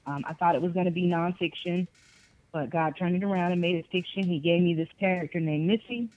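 A woman's voice: fairly low pitch, fairly quick, dull audio. A woman from Boston, an author being interviewed, talking casually and animatedly in bursts. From Boston, Massachusetts. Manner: animated, laughs often, talks in bursts. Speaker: author guest.

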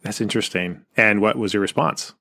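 Very deep-voiced affable podcast host. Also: male voice, steady tone, fairly quick, sharp tone, dry recording. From Pacific Northwest of the US. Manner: easygoing and affable, stammers on openings. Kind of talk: casual interview chat.

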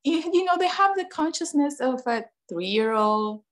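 A woman's voice: high voice, animated, unhurried. A woman guest in a casual podcast conversation, talking earnestly, often repeating phrases and acting out what parents say to kids.

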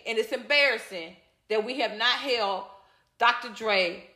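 At a measured pace, a woman with a bright, high-pitched voice reads viewer comments live and rants heatedly but casually. She is blunt and repetitive, sometimes swears, and the space sounds roomy and echoey.

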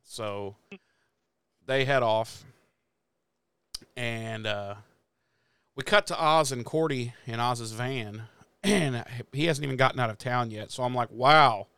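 A man from the American Midwest chats through a TV episode, jumping into the characters' lines as he goes. His voice is smooth and resonant at a middle pitch. The recording is dry, with no room echo. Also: takes it slowly, long pauses. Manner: animated retelling with profanity and acted-out quotes. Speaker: podcast co-host. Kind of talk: casual episode recap chat.

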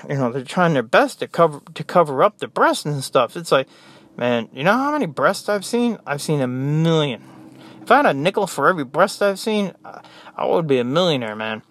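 A man's voice: a little high, fairly bright tone, dry recording, studio quality. An American man who works as a nurse, talking in a rambling, exasperated, joking monologue. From United States. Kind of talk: casual monologue.

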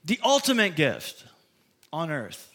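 A man's voice: fairly high pitch, wildly swooping pitch, slow, a bit bright. A man in his fifties from the American Midwest, a pastor preaching a conversational, storytelling sermon. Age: 50s.

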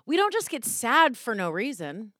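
A woman's voice: a little high, normal speed, dry recording, clean studio sound. A woman hosting a casual self-help talk, candid and swearing freely, often acting out quoted voices. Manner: candid, profane, animated, acts out quoted voices. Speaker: podcast host.

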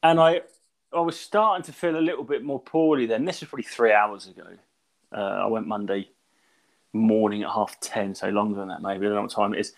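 A man telling a rambling, animated anecdote in casual podcast chat, swearing freely. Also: on the low side, fairly quick, vocal fry. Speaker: podcast co-host.

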